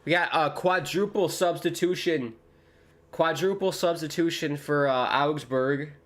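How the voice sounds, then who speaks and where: A man's voice: fairly high pitch, unhurried. Chatty man commentating a football stream. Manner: chatty, jokey, reads viewer comments aloud, gets loud at chances. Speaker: streamer hosting a football watchalong. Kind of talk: casual live commentary and chat. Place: home with dogs nearby.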